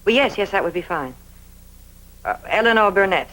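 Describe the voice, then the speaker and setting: A woman's voice: mid-range voice, lively intonation, moderate pace, a bit bright, lightly acted, poor audio. An actress playing an anxious, loyal young woman, talking breathlessly and stammering eagerly.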